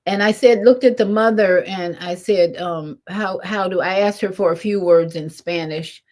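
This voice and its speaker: An older woman, a spiritual teacher, telling a story in an animated, lively way, her voice swinging between rises and soft drops. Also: on the low side, normal speed. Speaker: spiritual teacher leading meditation. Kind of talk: storytelling talk.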